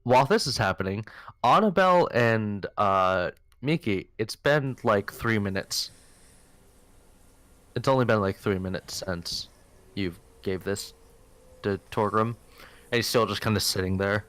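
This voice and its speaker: A man's voice: lowish voice, measured pace, a bit bright, no echo. A man narrating as game master in a loose, filler-heavy way.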